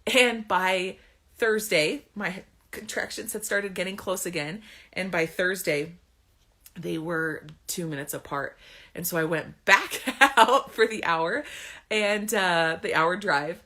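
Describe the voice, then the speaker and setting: A woman's voice: fairly low pitch, a little slow, pushed and bright. A woman in her thirties candidly telling a personal story to camera, chatty and emotional, laughing between sentences. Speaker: vlogger.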